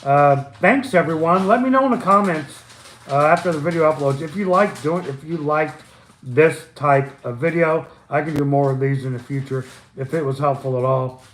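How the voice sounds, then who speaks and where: An older man with a fairly high voice riffs over stock charts on a live stream from home, relaxed and improvised, tripping over his words now and then. The room is echoey. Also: normal speed. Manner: loose, chatty, improvised, with stumbles and asides. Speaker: stock chart livestream host. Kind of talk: casual live chart commentary.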